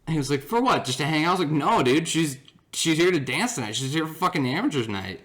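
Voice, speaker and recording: A man's voice: fairly high pitch, expressive, fast talker, a bit bright. A young man hosting his own podcast, telling a story casually and animatedly, laughing often and acting out his friends' voices. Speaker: podcast host.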